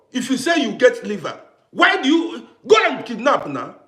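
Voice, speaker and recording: Emphatic man with a lively, high voice. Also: moderate pace. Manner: emphatic, repetitive, challenging. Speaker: vlogger. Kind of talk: ranting to camera. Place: living in Austria.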